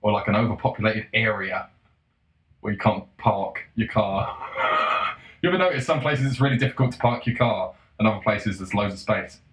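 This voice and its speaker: A man in a casual monologue, profane and sarcastic, breaking into mocking shouts. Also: lowish voice, lively intonation, moderate pace. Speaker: solo commentator. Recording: roomy echo.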